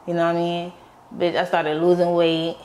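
A woman's voice: fairly low pitch, completely flat delivery, moderate pace, a little mellow. A young woman, an interview guest, tells her story candidly in a blunt, profane way and acts out the voices of the people in it.

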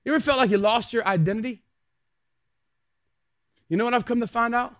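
A young adult male pastor preaching a sermon, swinging between hushed words and shouted peaks. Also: very high-pitched, fairly quick.

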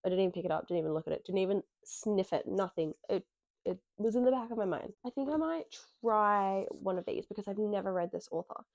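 Nasal Australian woman, chatty and mellow. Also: medium pitch, quick pace, no room sound. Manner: chatty, excitable, swears casually. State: stuffy and nasal from a cold. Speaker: book vlogger. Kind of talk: casual chat to camera. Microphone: dedicated microphone close up.

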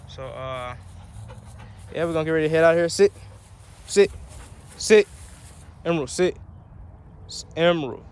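A man with a somewhat high voice chats casually outdoors on a dog walk. He rambles, leans on fillers, and keeps stopping to call out commands to his dog. Faint outdoor noise sits behind him. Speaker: dog owner vlogger. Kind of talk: casual vlog chat.

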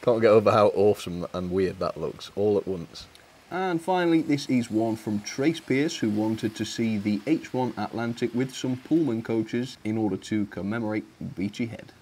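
A man with a lowish voice chats casually as a live-stream host. His delivery is cheerful and easygoing, with frequent light laughter, like someone enjoying a hobby with viewers. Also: animated, normal speed, darkish tone. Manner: cheerful and chatty, laughs often.

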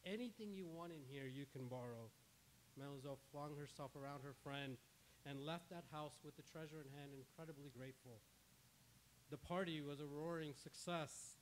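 A male pastor with a somewhat high voice preaches in church. He spins a story dramatically and voices the characters' lines himself. A faint hiss runs under the recording. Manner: dramatic retelling with quoted dialogue. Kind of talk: sermon storytelling.

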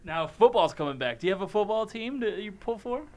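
Fast-talking male TV interviewer. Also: sits high, lively intonation, darkish tone. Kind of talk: casual TV interview.

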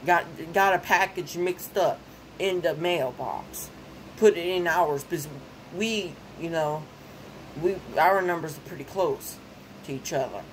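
A woman's voice: on the low side, unhurried, a little hiss or hum, rough recording. A young woman, venting in a casual vlog. She rants, repeats phrases and gets herself worked up. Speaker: vlogger.

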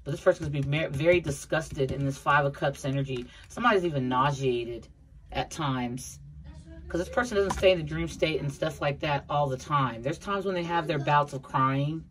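An adult tarot reader delivers a casual, blunt reading to her viewers, speaking at medium pitch and a moderate pace with a slightly bright tone. She's chatty, repeats her points, addresses the audience as a group, and swears now and then. A little hiss or hum sits under the recording.

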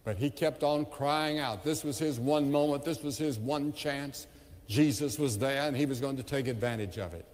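A man evangelist preaching a sermon, telling the story with impassioned rises and hushed drops, recorded in a large evening crusade venue with long reverb. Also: mid-range voice, moderate pace.

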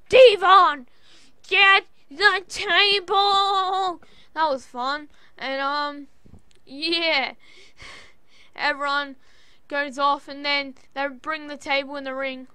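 Excitable Australian woman, high bright voice. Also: no room sound. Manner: excitable, rambling, cursing, with sudden loud outbursts. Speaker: wrestling show reviewer. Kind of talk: casual recap commentary.

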